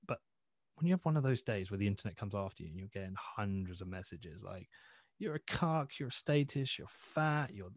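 Blunt, sweary man with a low voice. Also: darkish tone, dry recording, clean studio sound. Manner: blunt, sweary, rambling with restarts. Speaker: podcast guest. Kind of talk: casual interview chat.

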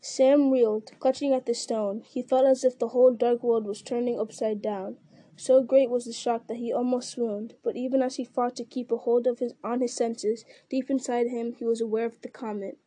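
A woman narrating a storybook in a steady, measured reading voice. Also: on the high side, dry recording. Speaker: audiobook narrator.

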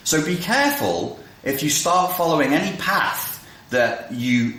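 A man excitedly explaining a philosophy idea in casual video talk, often cutting himself off to reel himself back in. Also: on the high side, unhurried, slight background noise. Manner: excitable, self-interrupting, jumps between tangents. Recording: roomy echo.

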